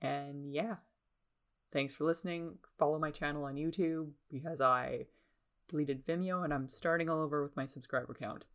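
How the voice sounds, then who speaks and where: A young woman with a low voice talks through her solo podcast from home. She rambles from one thing to the next, full of sarcastic, self-deprecating asides. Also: fairly even intonation, normal speed. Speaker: podcast host. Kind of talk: casual solo podcast monologue. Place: home in the suburbs.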